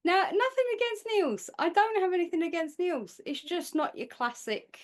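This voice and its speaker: A woman's voice: extremely high pitch, sing-song, normal speed. A woman co-hosting a podcast in a casual chat, making dry joking asides. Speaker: podcast co-host.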